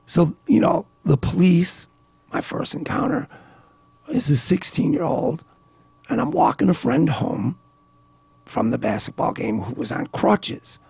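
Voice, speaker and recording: Gravelly, husky man around sixty; lively pitch, animated storyteller, dry close sound. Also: a little slow, dry recording. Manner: animated, laughing, many restarts. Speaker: guest, author. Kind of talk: casual storytelling.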